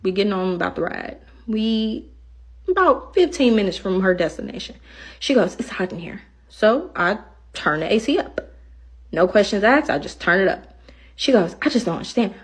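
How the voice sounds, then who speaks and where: A woman telling a personal story in a blunt, profane and animated way, acting out the other side of the dialogue. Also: medium pitch, moderate pace, slightly rough. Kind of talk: casual storytelling.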